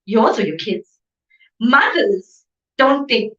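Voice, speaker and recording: A woman's voice: a little high, big pitch swings, unhurried, a bit bright. A woman giving an emphatic motivational seminar talk, often asking "okay?" to check the audience is with her. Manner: emphatic, repeats okay for agreement. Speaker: business seminar speaker. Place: seminar venue. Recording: echoey room, distant mic, dull sound.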